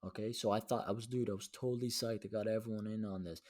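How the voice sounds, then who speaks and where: Slangy young man with a low voice. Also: quick pace, hardly any pauses. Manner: slangy and profane, says "dude" a lot, animated retelling. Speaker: podcast host. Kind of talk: casual storytelling monologue.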